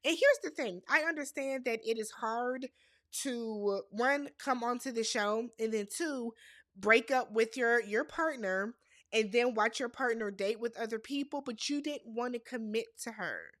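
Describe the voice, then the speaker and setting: A woman giving casual, sassy commentary as she recaps a reality show, with animated reactions and slang asides. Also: fairly high pitch, measured pace, no room sound, clean studio sound.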